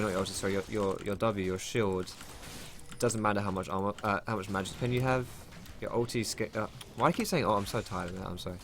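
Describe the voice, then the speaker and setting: A man giving excitable live commentary over his own gameplay, thinking aloud and swearing casually. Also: lowish voice, slight background noise. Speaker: gaming streamer. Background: keyboard typing.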